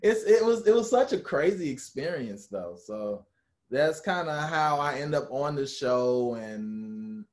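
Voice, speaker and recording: A man telling a story in a casual interview, animated and acting out what others said. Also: medium pitch, measured pace. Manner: animated, acts out quotes of others. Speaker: guest, former reality TV cast member.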